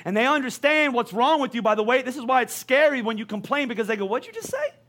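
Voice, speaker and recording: A male pastor preaching a sermon in a lively, conversational way, full of questions to the congregation. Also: very high-pitched, fast talker.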